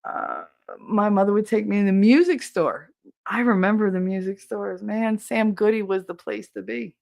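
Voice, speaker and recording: A woman's voice: mid-range voice, moderate pace, gravelly, a little mellow. A middle-aged woman, a podcast co-host, telling stories in a casual, candid and profane way, often quoting others. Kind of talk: casual storytelling.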